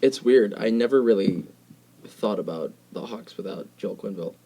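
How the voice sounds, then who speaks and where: A man co-hosting a sports podcast, reacting quickly with jokey asides in casual chat. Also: on the low side, warm tone. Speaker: podcast co-host. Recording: faint background noise.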